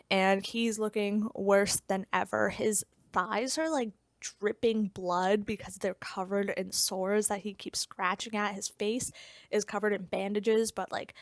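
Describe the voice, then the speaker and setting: A woman's voice: mid-range voice, no room sound, clean studio sound. A young woman giving a casual, blunt plot recap of a book, with profanity and sarcastic asides. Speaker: book reviewer.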